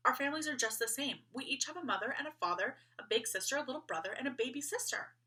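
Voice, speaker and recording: A woman voicing an earnest, curious young girl doll in a storybook read-aloud, eager and bright. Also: sits high, animated, fast, husky, pitched above the performer's own voice, full character voice. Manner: eager, bright, at times hushed.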